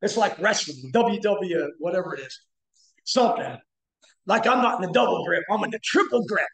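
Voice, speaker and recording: Man, very high voice, guest preacher, sermon, emphatic shouted peaks, echoey church hall. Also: animated, moderate pace, gravelly. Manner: preaching with rising emphatic bursts. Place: church sanctuary.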